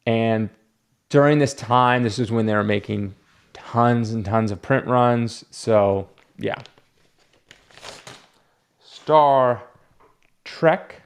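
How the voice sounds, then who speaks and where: A man's voice: fairly low pitch, steady tone, slow pace, gravelly, clean tone. A man running a comic book shop, chatting casually and rambling as he talks himself through each graded book. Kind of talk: casual unboxing chat.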